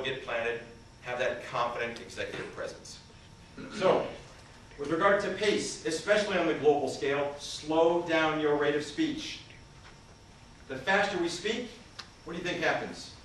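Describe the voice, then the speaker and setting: A man's voice: a little high, measured pace, fairly bright tone. A man who trains people in communication, giving an interactive seminar presentation and putting questions to his audience. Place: large conference hall. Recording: echoey hall, voice far from the mic, faint noise.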